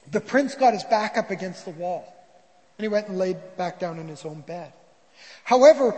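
A man's voice: high-pitched, darkish tone, long reverb tail, poor audio. A man preaching a sermon as a pastor, telling a story and acting out the quoted voices.

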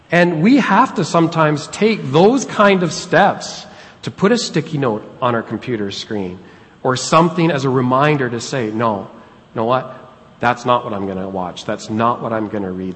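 Middle-aged male pastor, mid-pitched voice, earnest conversational sermon, long hall reverb. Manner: earnest, conversational preaching with pauses.

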